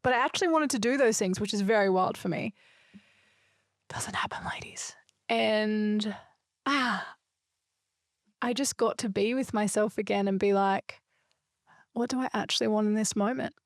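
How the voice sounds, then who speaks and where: A woman's voice: medium pitch, brisk, no echo. Woman doing a solo podcast, earnest and emphatic, dry close-up sound. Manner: earnest, emphatic and spiritual, with a few loose swears. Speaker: podcast host. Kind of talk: reflective solo podcast monologue.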